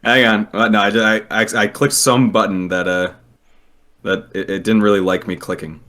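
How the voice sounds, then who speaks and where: A man chatting casually on a podcast, animated and quick to laugh as he tells a story. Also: lowish voice. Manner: animated, laughs often, trails into restarts. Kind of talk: casual hockey chat.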